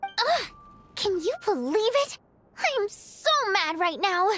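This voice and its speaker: An actress voicing a lively, chatty young female lead singer in a video game, excitable and teasing. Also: extremely high pitch, slow, a little hiss or hum, exaggerated voice. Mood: annoyed.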